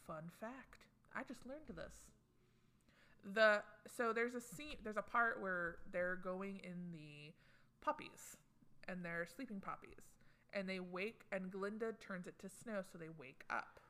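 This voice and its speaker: A woman's voice: mid-range voice, unhurried, sharp tone. A young woman co-hosting a casual pop culture chat, chatty and gossipy, tossing in joking asides. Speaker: co-host.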